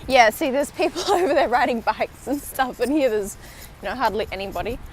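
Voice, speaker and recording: Young aussie woman rambling on a phone vlog, kinda high voice, says like a lot, faint street noise behind. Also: lively intonation, fairly quick. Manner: chatty and rambling, heavy use of "like", drops to a whisper for asides. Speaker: vlogger. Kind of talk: casual walking vlog. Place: outdoors on a riverside walk in a city. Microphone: handheld phone.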